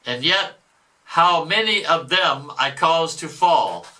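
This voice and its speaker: A man's voice: on the high side, expressive, slow, pushed and bright, voice pushed up, heavily acted, low-quality recording. A man reading aloud the words of a spiteful, boastful devil, declaiming with mocking scorn. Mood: scornful. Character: spiteful boastful male devil, gloating and raging.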